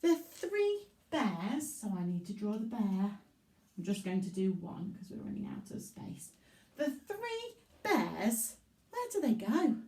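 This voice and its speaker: A woman teaching young children a recorded literacy lesson in a slow, encouraging way. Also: fairly high pitch, dark tone. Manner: slow, encouraging and sing-song. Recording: echoey room, voice from far off.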